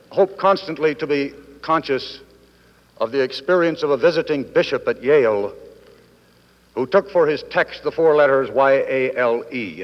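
A man in his fifties giving a formal convention speech with dry wit and measured, deliberate pauses. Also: mid-range voice. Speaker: guest speaker at a convention. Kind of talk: formal after-dinner speech. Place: large hotel ballroom. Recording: old 1960s broadcast recording, dull, with long hall reverb.

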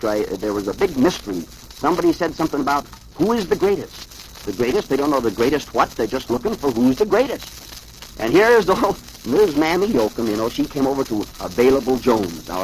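A man reads the funny papers aloud to children as the show's host. He is chatty and animated, chuckles as he goes, and turns aside to talk to his listeners. His pitch swings widely from line to line, and faint noise sits behind him. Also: poor audio. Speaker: host reading comic strips to children.

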